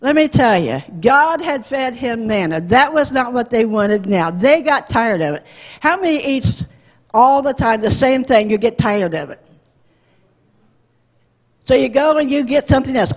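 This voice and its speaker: A woman teaching a Bible lesson to a Sunday school class, lively, acting out the quotes and asking the class questions. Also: on the high side, measured pace. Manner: animated, acts out quotes, asks class questions. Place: church classroom. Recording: dull lo-fi with long church reverb.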